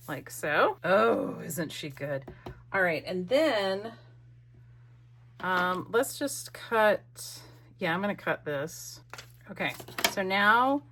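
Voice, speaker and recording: A middle-aged woman hosts a craft video, narrating casually as she works, chatting playfully and poking fun at herself. Her voice is medium-pitched, bright and forceful.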